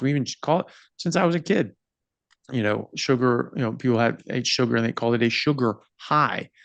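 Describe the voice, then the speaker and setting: A man's voice: on the low side, gravelly, fairly bright tone, no echo. A man hosting a podcast interview and explaining his points earnestly and with emphasis over a video call. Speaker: podcast host. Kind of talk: conversational interview.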